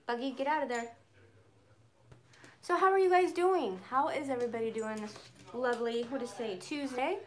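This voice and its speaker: A middle-aged woman chatting excitedly and frankly on a live phone stream from her home shed. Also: high voice, normal speed, pauses often. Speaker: purse vlogger. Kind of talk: casual live-stream chat. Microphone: phone camera.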